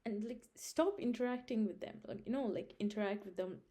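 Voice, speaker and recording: A young woman talks straight to her viewers in a casual advice vlog. Her voice is warm and mellow, and she sits at an ordinary middle pitch. She hammers her points home by repeating them and keeps checking that the listener is following. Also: brisk. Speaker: vlog host giving life advice. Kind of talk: casual direct-to-camera advice.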